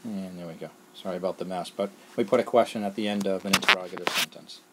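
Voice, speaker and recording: A man's voice: sits low, fairly even intonation, fast, noisy background. A man teaching a lesson on a screencast, explaining step by step with patience and often asking "all right?".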